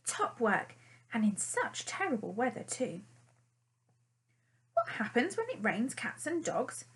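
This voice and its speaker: A woman's voice: on the high side, huge pitch swings, slow, a bit bright, heavily acted. A woman reading an audiobook and voicing a cheerful male animal who cracks bad puns in a jolly way. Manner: jolly, jokey.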